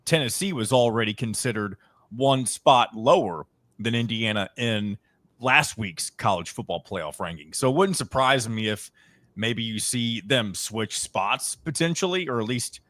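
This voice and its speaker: A man hosting a sports talk show, breaking down rankings in a measured, analytical way. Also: medium pitch, lively intonation, a bit bright, no room sound.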